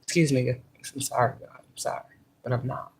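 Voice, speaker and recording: A woman's voice: a bass voice, fairly even intonation, normal speed, vocal fry, darkish tone, a little hiss or hum. A woman giving a casual spiritual pep talk, cursing freely and talking with emphasis. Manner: profane and emphatic, acting out quoted voices. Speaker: spiritual teacher; workplace manager.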